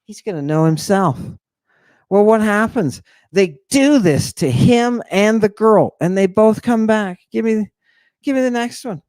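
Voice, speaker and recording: A man giving an informal slide lecture in an emphatic, teasing way, pausing for rhetorical questions and asking "right?" again and again. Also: high voice, darkish tone, clear, resonant tone, no echo, studio quality. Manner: teasing, addresses the audience directly.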